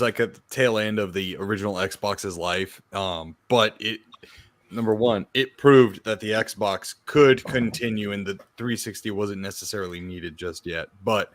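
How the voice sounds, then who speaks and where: A man co-hosting a casual podcast chat, talking in a relaxed way with lots of fillers, laughing and swearing as he recounts. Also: fairly low pitch, dry recording. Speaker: podcast co-host.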